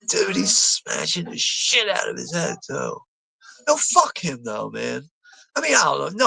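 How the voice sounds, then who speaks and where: Gravelly, profane man with frequent laughs. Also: mid-range voice, huge pitch swings, unhurried, sharp tone, no echo. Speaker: watch party host. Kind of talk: casual movie commentary.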